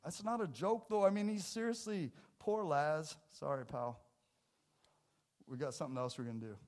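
Emphatic man preaching with sudden loud bursts. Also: a little high, moderate pace. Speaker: pastor. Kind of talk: sermon. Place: church sanctuary.

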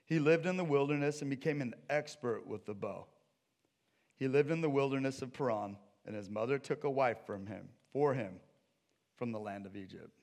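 A male pastor preaching a sermon with animated storytelling, acting out scripture characters. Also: medium pitch, normal speed.

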